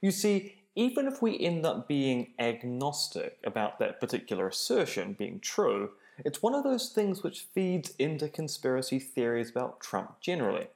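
A man as a podcast guest, chatting with dry, deadpan humour. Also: medium pitch, normal speed, creaky, hardly any pauses. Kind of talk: casual podcast chat.

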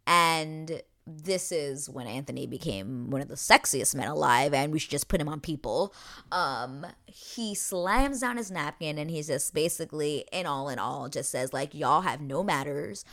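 A woman with a low voice recaps a TV episode in loose, chatty fashion. Her pitch swings widely as she gets excited. She swears freely and fills her talk with "like". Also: moderate pace. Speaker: TV recap vlogger. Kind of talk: casual episode breakdown.

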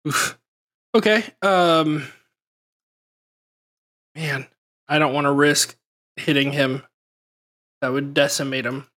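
Slow, hesitant tabletop game player. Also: mid-range voice, fairly even intonation, fairly bright tone. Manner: hesitant, thinking aloud.

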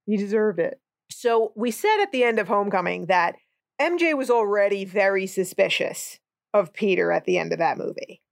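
A woman's voice: mid-range voice, expressive, normal speed, gravelly, dry recording, clean studio sound. A woman co-hosting a movie podcast in a casual chat, wry and sarcastic, laughing often. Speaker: podcast co-host.

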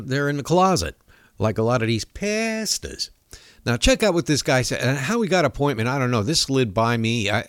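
A male talk show host ranting in a profane, mocking monologue. His pitch swings up and down a great deal as he jabs at his targets. The sound is close and dry, with no room around it. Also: no echo. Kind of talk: comedic rant monologue.

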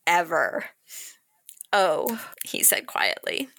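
A woman co-hosting a book podcast, chatting excitedly and reading a romance passage aloud. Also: fairly low pitch, very slow, gravelly, no room sound. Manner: excitable, laughs easily. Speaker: podcast co-host.

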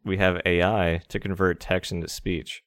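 A deep-voiced man chatting casually on a podcast, dropping dry jokes and quick asides. The sound is close and dry, with no echo. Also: flat delivery, fairly bright tone. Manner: joking, wry asides. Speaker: podcast co-host. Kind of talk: casual chat.

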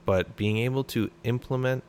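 A man's voice: medium pitch, fairly even intonation, normal speed, darkish tone, clean tone. A man, a former special operations soldier, talking as a podcast guest in a blunt, profane, fired-up way. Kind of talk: casual podcast conversation.

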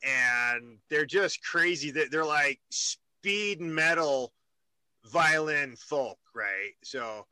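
A man's voice: on the high side, expressive, very slow, sharp tone. A man hosting a casual interview, rambling and joking with many restarts. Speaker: radio host.

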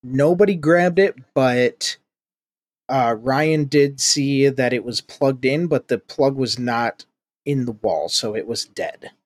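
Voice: mid-range voice, slow pace. A game master narrating a tabletop role-play in a chatty, giggly way.

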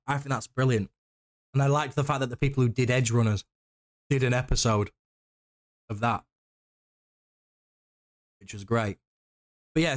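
A man co-hosting a casual podcast, talking at an ordinary middle pitch. He rambles eagerly from point to point and swears offhandedly. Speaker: podcast co-host. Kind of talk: casual chat.

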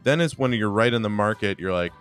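A man's voice: fairly low pitch, animated, fast talker, fairly bright tone, clear, resonant tone, faint music behind. A man co-hosting a podcast in casual chat, rambling and joking. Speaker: podcast co-host.

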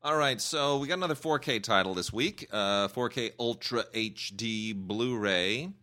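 A man's voice: medium pitch, moderate pace, pushed and bright. A man co-hosting a podcast, chatting casually and opinionatedly about films and home video releases. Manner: enthusiastic, opinionated, talks in long runs. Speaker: podcast co-host. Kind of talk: casual film review chat.

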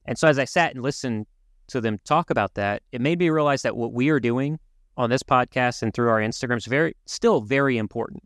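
Male podcast co-host, even mid pitch, earnest and measured, dry close sound. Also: dry recording. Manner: earnest, measured, some restarts. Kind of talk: casual podcast chat.

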